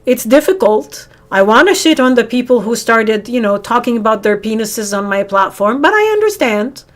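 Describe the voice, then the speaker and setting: Female stream host, slightly high voice, earnest preachy delivery. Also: lively intonation, moderate pace. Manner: earnest, preachy, addresses viewers as honey. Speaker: livestream host. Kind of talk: casual live-stream talk to viewers.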